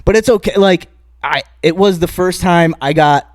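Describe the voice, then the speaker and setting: Brief: man, slightly high voice, dry close mic, rambling profane podcast storyteller. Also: normal speed, no room sound. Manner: rambling, profane, many restarts and fillers. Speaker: podcast co-host. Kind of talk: casual chat, retelling a stand-up bit.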